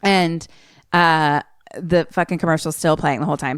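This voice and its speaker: A young woman co-hosting a podcast, retelling a film in a casual, animated way and laughing often. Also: low-pitched, moderate pace, clear, resonant tone, dry recording, clean studio sound. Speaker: podcast co-host.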